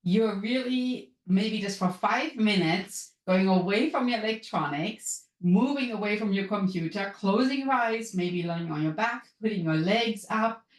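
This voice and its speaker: A woman from Europe with a European accent, a business and wellness coach hosting her podcast in an upbeat, chatty way. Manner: upbeat, chatty, lively pitch swings. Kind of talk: solo podcast talk. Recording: echoey room.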